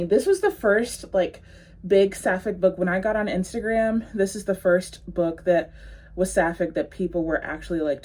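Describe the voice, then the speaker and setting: A woman's voice: mid-range voice, darkish tone. A young adult woman vlogging casually about her bookshelf, rambling and chatty with frequent fillers, talking in a room at home. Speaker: book vlogger. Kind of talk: casual chat.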